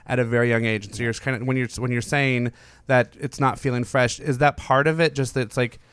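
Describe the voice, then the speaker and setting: Smooth-voiced excitable American radio host. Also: male voice, mid-range voice, brisk. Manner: laughs loudly and often, excitable. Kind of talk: casual interview chat. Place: radio studio.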